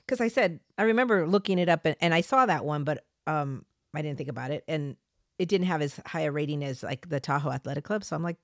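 A woman's voice: sits low, quick pace, no echo, clean studio sound. A middle-aged woman in casual conversation, chiming in and correcting details of a family story. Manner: interjecting, correcting details, quoting her son.

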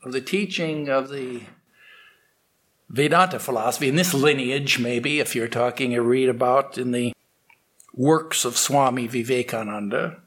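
A man giving a morning spiritual talk, telling a fable in a slow, halting way with restarts. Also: medium pitch, a bit bright. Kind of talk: sermon with storytelling.

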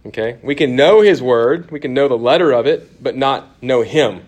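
A man in the middle of a church Bible class, speaking at an ordinary middle pitch. His delivery is conversational. He keeps turning questions back to the room and stops and restarts his sentences, with the odd "um" in between. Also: expressive, moderate pace, a little mellow. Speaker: church course teacher.

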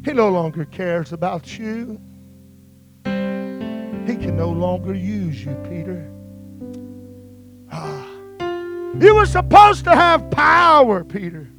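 Brief: scornful taunting devil, put on by a preacher, high mocking voice over guitar. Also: male voice, big pitch swings, slow, gravelly, pauses often, full character voice. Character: Satan taunting a fallen disciple, male, scornful. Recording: guitar music playing behind. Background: guitar music.

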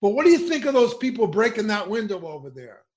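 A man mockingly putting on the voice of a prying, pushy male TV reporter, shrill and loud. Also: sing-song, fast.

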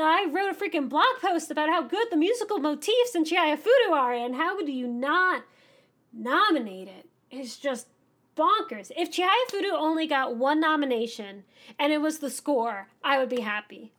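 A woman's voice: sits high, a bit bright. A woman co-hosting a podcast, chatting casually and ranting enthusiastically. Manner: enthusiastic, ranting, fast-moving. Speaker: podcast co-host.

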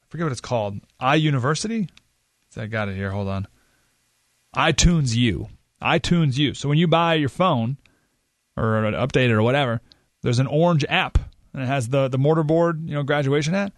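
A man's voice: mid-range voice, fairly quick, no echo, clean studio sound. A man hosting a radio show, talking casually and rambling in a self-deprecating way, often laughing at himself. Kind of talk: casual talk radio monologue. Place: radio studio.

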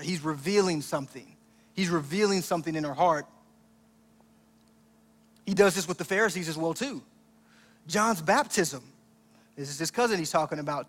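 A man's voice: fairly high pitch, normal speed, long pauses, fairly bright tone, long reverb tail. A man preaching a sermon as pastor, in a conversational style that acts out the lines he quotes.

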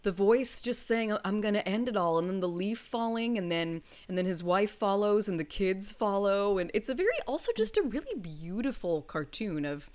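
A woman's voice: mid-range voice, lively intonation, normal speed, hardly any pauses, a little mellow. A woman co-hosting a podcast, eagerly recounting favourite film scenes in casual chat. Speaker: podcast co-host.

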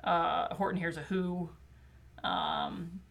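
Woman podcast host, bright voice, chatty, playful, casual. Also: fairly low pitch, steady tone, slow pace, gravelly. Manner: chatty and playful, with many fillers. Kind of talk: casual chat about children's books.

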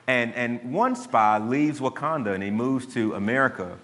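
A man's voice: medium pitch, lively intonation, moderate pace, fairly bright tone. A man preaching a sermon, telling stories in a loose, conversational way with frequent restarts. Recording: long hall reverb.

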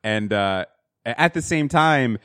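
A man's voice: mid-range voice, lively intonation, a little slow, fairly bright tone, smooth, no echo, studio quality. A man hosting a podcast, telling a profane, rambling story in a casual way with lots of fillers and restarts. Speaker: podcast host.

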